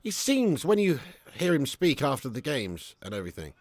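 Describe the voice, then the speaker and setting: A man's voice: medium pitch, wildly swooping pitch, moderate pace, no echo. A man hosting a live watch-along stream, chatting casually with viewers, reading out their comments, swearing and laughing often.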